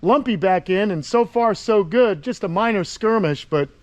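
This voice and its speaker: A middle-aged man from Long Island hosting a casual vlog outdoors by a tortoise enclosure, rambling and excitable with lots of fillers. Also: sits high, normal speed, no echo. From Long Island, New York. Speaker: host, tortoise keeper.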